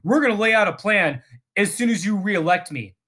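Sneering, whiny male politician, loud and bright, waving things off, as a man mocks him. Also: sits high, animated, a little fast, exaggerated voice. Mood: mocking. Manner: sneering, exaggerated mockery.

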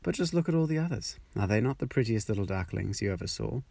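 A man's voice: fairly low pitch, animated, fast, gravelly, mellow, no echo. A man voicing a fussy, proud mother duck in a storybook reading, anxious and doting.

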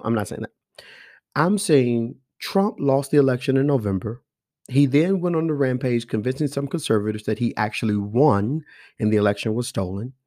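A man's voice: mid-range voice, darkish tone, dry recording, clean studio sound. A man giving an impassioned political monologue, exasperated and emphatic, with half-joking asides. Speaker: political commentator.

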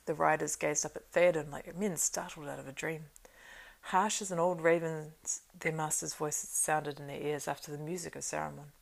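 A woman with a low, gravelly voice reads a story aloud, measured and steady. Her narration is an audiobook reading.

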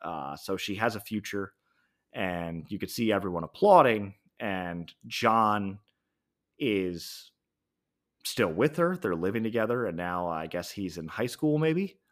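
A man's voice: fairly low pitch, animated, unhurried, fairly bright tone. A man hosting a podcast, casually recapping a series finale and thinking aloud with frequent ums and self-corrections. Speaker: podcast host. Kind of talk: solo podcast review.

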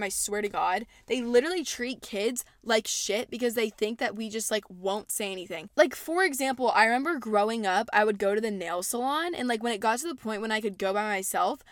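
An eighteen-year-old woman hosting a podcast from home, telling stories in a bubbly, animated way and swearing constantly. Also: a little high, no room sound, clean studio sound. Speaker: podcast host. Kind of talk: casual podcast storytelling rant. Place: at home, indoors.

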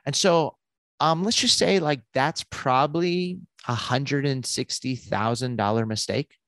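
A man, a podcast guest telling a story in a casual, animated way, full of fillers and restarts. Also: mid-range voice, no echo, studio quality. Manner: animated, quick bursts with many fillers and restarts.

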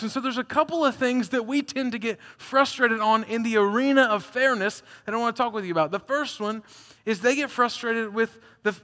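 A man preaching a sermon in an animated, conversational way, acting out the story as he goes. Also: very high voice. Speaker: pastor. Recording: long hall reverb.

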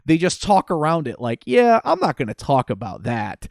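A man in casual chat, animated and exasperated, acting out what characters say. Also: on the high side, normal speed, vocal fry, no echo, clean studio sound. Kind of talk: casual chat about a video game.

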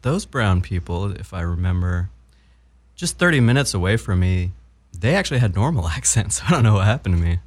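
A man from Southwest Virginia talks as a podcast guest, a former doctor turned actor telling stories in a relaxed, good-humored way. His voice is notably deep and low. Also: fairly quick. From Southwest Virginia, United States. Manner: laid-back, storytelling, good-humored. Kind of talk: casual interview chat.

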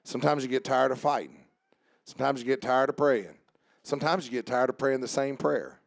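A male pastor preaching a sermon in church. He starts low and conversational, then builds to shouted preaching and calls out to church members by name. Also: fairly quick, gravelly, no echo.

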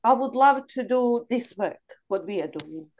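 A woman sharing her struggles candidly on a video call, blunt and animated, swearing freely. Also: on the high side, moderate pace, rough recording. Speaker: coaching group participant.

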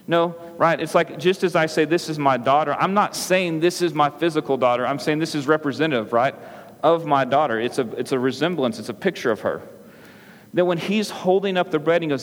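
A man's voice: fairly high pitch, a little fast. A man in his thirties preaching a sermon in a church, talking conversationally and often checking in with "right?". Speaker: pastor. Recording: long hall reverb.

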